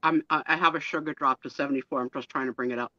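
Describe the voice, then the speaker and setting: A man joining a live stream, shaky from low blood sugar and stammering as he reassures everyone. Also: steady tone, rapid-fire, pushed and bright, no echo, muffled recording.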